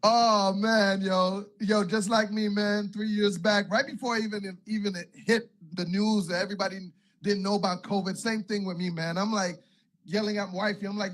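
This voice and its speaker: A man's voice: high voice, steady tone, moderate pace, fairly bright tone. A man hosting a casual interview, with loose, profane, laughing banter. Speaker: radio host.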